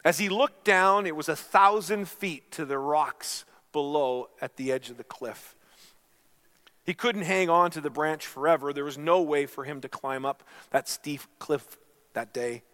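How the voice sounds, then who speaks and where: A man's voice: a little high, a bit bright. A middle-aged man preaching a sermon as a pastor, telling stories earnestly and calling his listeners friends.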